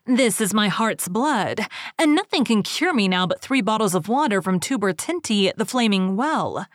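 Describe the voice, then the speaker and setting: A woman's voice: mid-range voice, lively intonation, moderate pace, no room sound, studio quality, natural voice. A woman voicing a treacherous queen in a fairy tale read aloud, sly and falsely gracious. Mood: scheming. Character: scheming treacherous queen, middle-aged.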